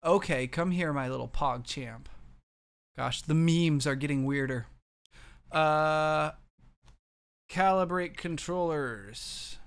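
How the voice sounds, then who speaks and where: A man's voice: on the high side, fairly even intonation, takes it slowly, gravelly, smooth. A man casually commenting on his gameplay, playful and full of meme jokes. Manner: jokey, meme-heavy, playful. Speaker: let's-play gamer.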